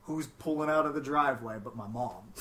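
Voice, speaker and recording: A man from the Pittsburgh area, casually telling a long story on a podcast, animated and swearing freely. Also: mid-range voice, normal speed, distant mic, heavy background noise. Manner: animated, swears freely, acts out quotes in raised voices.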